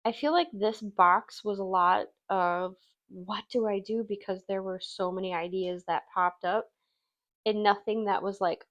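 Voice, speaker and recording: A woman's voice: mid-range voice, fairly even intonation, a little slow, fairly bright tone, lo-fi sound. Woman from Wisconsin, craft host; casual, self-deprecating, talks while she works. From Wisconsin, USA. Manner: chatty, self-deprecating, laughs easily.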